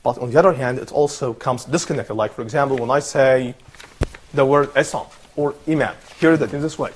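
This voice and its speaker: A man's voice: mid-range voice, a little fast, a little hiss or hum. A man teaching an online Arabic lesson, patient and encouraging, repeating words and praising his students.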